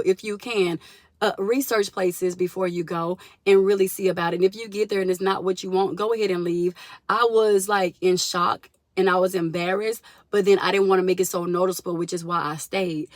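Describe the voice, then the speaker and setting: A young woman telling a story to her viewers in a casual, animated vlog, addressing them as y'all. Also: mid-range voice, no echo. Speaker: vlogger.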